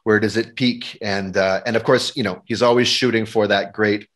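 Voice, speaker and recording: A man's voice: fairly low pitch, fairly even intonation, moderate pace. A man hosting a podcast, explaining craft terms in a teacherly way with examples. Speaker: podcast host.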